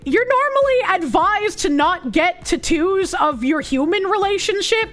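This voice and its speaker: A woman streamer giving casual reaction commentary, talking fast with sarcastic, profane remarks. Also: very high voice, expressive, a bit bright, faint music behind.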